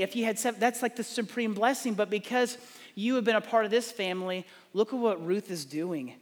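A man's voice: high voice, normal speed, in a large hall. A middle-aged man, preaching a sermon, telling stories and acting out the dialogue. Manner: animated storytelling, acts out dialogue. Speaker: pastor.

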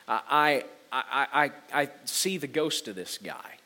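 Preaching earnestly, a forties-aged pastor tells a personal story in an animated, medium-pitched voice with a sharp edge. He halts and restarts along the way.

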